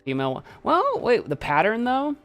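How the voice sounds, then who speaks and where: A man's voice: very high voice, huge pitch swings, moderate pace, a bit bright, soft background music. A man chatting casually on a live stream, giving playful commentary.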